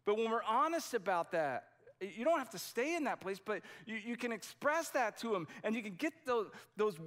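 A man's voice: sits high, very animated, moderate pace, fairly bright tone. A man preaching a sermon in a conversational, emphatic way, often restarting his sentences. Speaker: pastor.

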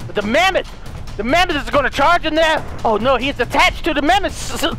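Pria bersemangat berteriak saat bermain game, suara tinggi. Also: male voice, extremely high pitch, normal speed, over loud music. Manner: yelling commands at units, wildly animated. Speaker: gaming YouTuber. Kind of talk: excited gameplay commentary.

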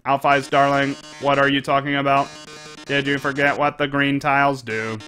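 A man's voice: medium pitch, flat delivery, normal speed, bright, forceful tone, soft background music, natural voice. A man voicing a flamboyant, dramatic male robot TV star in a video game, drawing out "darling" with theatrical flair. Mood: smug.

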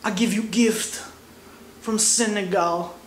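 Pushy male street hawker, pitched high and insistent, put on by a male comedian, roomy echo. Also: steady tone, slow, a little hiss or hum. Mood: wheedling. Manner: wheedling, then cursing loudly.

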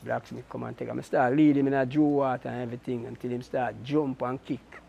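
A man's voice: mid-range voice, level tone, fairly quick, creaky, warm tone, lo-fi sound. A middle-aged man, a racehorse trainer telling stories in an interview, acting out other people's lines as he goes. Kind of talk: casual storytelling interview.

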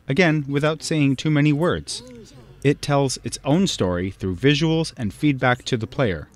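Reading a scripted video essay, a man with a mid-pitched voice speaks directly to the viewer. His pace is measured and explanatory.

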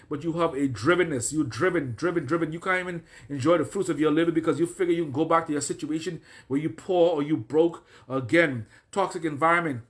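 A man with a somewhat high-pitched voice preaches a deliverance sermon. He runs through long lists in repeated phrases and breaks into forceful commanding prayers. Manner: repetitive, declaring and commanding prayers. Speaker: prophet.

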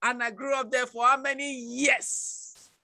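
A woman evangelist, giving an emotional testimony sermon with repetition and sudden shouted outbursts. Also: high voice, flat delivery, a little slow, no room sound.

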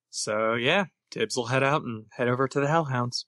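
A man's voice: mid-range voice, normal speed, hardly any pauses, a bit bright, dry recording, studio quality. A man playing a tabletop game, thinking aloud and planning strategy with the group. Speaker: player.

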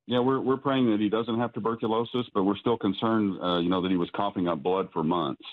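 A father being interviewed by phone on the news, speaking haltingly with many restarts. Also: fairly low pitch, no echo. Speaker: father of a released prisoner. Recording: tinny phone line, dry.

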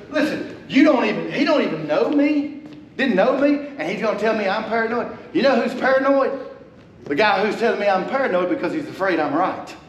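Preacher in an echoey sanctuary. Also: male voice, dull audio. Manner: conversational preaching, swinging between low asides and loud emphatic peaks; chuckles at his own points. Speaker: pastor. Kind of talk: sermon. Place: church sanctuary. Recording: echoey church sanctuary with faint hum.

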